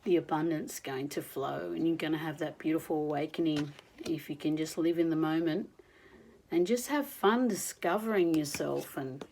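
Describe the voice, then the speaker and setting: A woman doing an oracle card reading in a gentle, reflective, encouraging manner. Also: deep voice, moderate pace, slight background noise, low-quality recording. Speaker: spiritual card reader.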